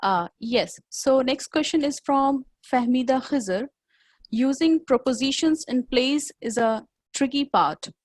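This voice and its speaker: A woman's voice: high voice, unhurried, darkish tone, no echo. A woman moderating an online webinar, reading participants' questions to the speaker. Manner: reads a question out in full.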